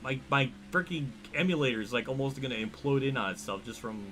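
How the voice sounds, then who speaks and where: A man's voice: medium pitch, animated, quick pace, background noise. A man with a Pennsylvania accent giving live commentary while streaming a racing game, rambling and self-deprecating as he reacts to chat.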